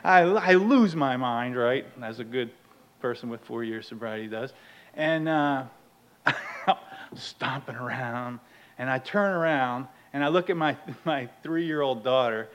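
A man sharing a humorous personal story at a recovery meeting, animated and laughing often. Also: mid-range voice, unhurried, poor audio. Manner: animated, laughs often, acts out his own outbursts loudly.

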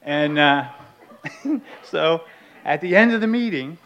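A man sharing his recovery story at a meeting, candid and self-deprecating, laughing often and moving between hushed and animated telling. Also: on the high side, slow pace, dull audio. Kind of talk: personal storytelling.

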